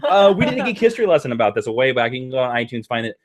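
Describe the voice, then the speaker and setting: A man's voice: mid-range voice, very fast. A man hosting a casual live stream chat, talking with enthusiasm. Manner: enthusiastic, animated.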